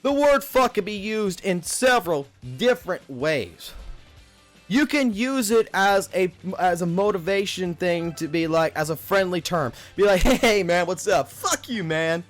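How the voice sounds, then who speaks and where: A man's voice: sits high, unhurried, soft background music. Profane ranting man in his thirties. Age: 30s. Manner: profane, rambling rant; animated. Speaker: livestreamer. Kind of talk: casual stream commentary.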